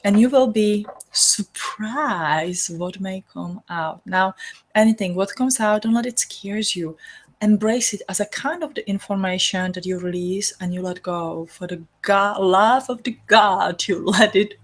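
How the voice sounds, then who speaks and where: A woman's voice: mid-range voice, unhurried. A woman reverend giving a spiritual talk and guiding a healing exercise, speaking earnestly in loose phrasing with many restarts.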